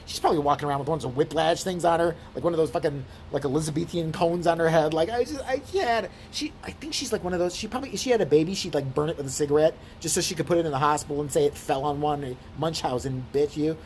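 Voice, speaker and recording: A woman vlogger with a low-sitting voice tells a story as an indignant, profane rant, swearing and animated throughout. There's a slight hiss or hum on the recording.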